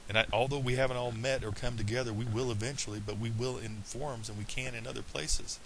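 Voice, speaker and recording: A man's voice: medium pitch, steady tone, quick pace, fairly bright tone, slight background noise, rough recording. A middle-aged man giving an earnest, blunt pep talk to his business club, emphatic and full of restarts. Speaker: online business coach. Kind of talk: direct-to-camera pep talk.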